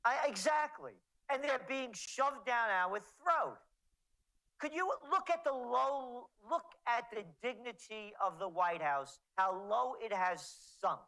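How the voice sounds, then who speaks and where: A woman speaking as a commentator in a heated political chat. Her voice sits a little high, and she sounds sarcastic and mocking. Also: animated, slow pace, fairly bright tone, rough recording.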